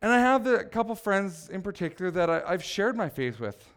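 A middle-aged man preaching a blunt, exhorting sermon, swinging between loud pushes and quiet asides. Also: high voice, sing-song, fairly quick, clear, resonant tone.

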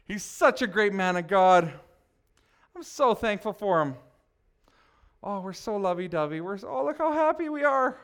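A man's voice: sits high, animated, normal speed, pauses often, smooth. A man faking a gushing sweet wife. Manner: gushing, sing-song, mock-sweet. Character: showy adult woman gushing about her husband.

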